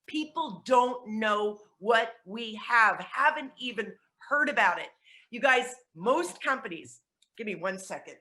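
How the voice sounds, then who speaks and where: Bright-voiced woman giving an energetic pitch. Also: measured pace. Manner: energetic and chatty, laughing at herself. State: sweaty and flustered. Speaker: network marketing speaker. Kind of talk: motivational online presentation. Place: at home with dogs.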